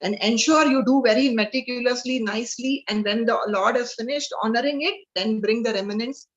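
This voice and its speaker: A woman telling a devotional story, voicing a father who gently instructs his son to make an offering. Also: a little high, fairly quick, dull audio, close to an everyday voice. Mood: instructing.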